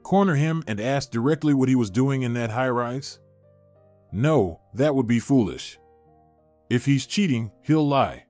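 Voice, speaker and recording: A guarded, anxious young wife weighing her options in a steady, measured voice, as a male storyteller puts her on. The voice sits at a middle pitch and sounds close and dry, with soft music underneath. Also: no echo, close to an everyday voice. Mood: wary. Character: anxious wealthy wife, adult woman, guarded.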